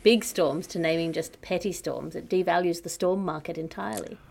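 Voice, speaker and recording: A woman hosting a comedy podcast, introducing segments and making dry quips, with a slightly low voice. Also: fairly even intonation, normal speed, vocal fry, darkish tone, slightly rough. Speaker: host.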